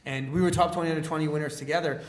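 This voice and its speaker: A young man from Canada, a guest on a podcast, tells stories in a lively, chatty way and acts out the voices of the people in them. His voice sits a little high for a man. The recording has a noticeable roomy echo. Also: rapid-fire. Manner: animated storyteller, acts out quoted dialogue with many fillers. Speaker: guest, leadership speaker. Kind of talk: casual podcast storytelling.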